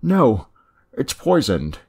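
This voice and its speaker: A man's voice: extremely low pitch, expressive, normal speed, exaggerated voice. A man voicing a nervous, bitter old male servant in a story reading, with a resentful tone.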